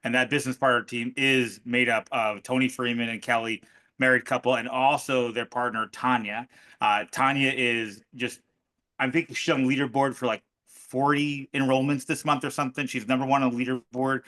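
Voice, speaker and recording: A man's voice: medium pitch, flat delivery, normal speed, sharp tone. A man on a video call, enthusiastic and rambling as he invites team members to speak. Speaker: host.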